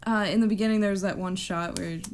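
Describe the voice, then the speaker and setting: A woman's voice: mid-range voice, steady tone, a little fast, a little hiss or hum. A woman co-hosting a casual podcast chat, hesitant and full of filler words. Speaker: podcast co-host.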